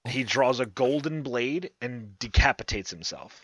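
A man narrating a tabletop game as game master, describing scenes slowly and vividly over an online voice call. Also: mid-range voice, a bit bright. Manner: slow, vivid scene description with drawn-out words.

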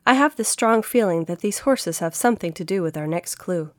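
An earnest, well-mannered young girl from a children's storybook, played by a woman reader, eager and a touch bossy. The voice is lifted well above the reader's low natural pitch, with a dry, close sound. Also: lively intonation, a little fast, no echo, lightly acted. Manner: earnest, a little bossy with her brother. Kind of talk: storybook narration.

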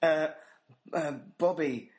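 A man's voice: on the high side, slow pace. A man co-hosting a casual podcast, chatting and laughing as he reads out reviews. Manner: laughing often, reading out children's reviews. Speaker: podcast co-host.

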